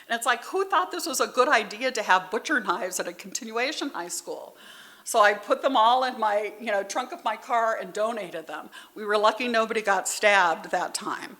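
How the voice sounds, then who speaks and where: With a slightly high, a bit bright voice and lively intonation, a middle-aged woman speaks at normal speed at a recovery meeting. She tells her story candidly and conversationally as personal testimony, heartfelt and at times close to tears.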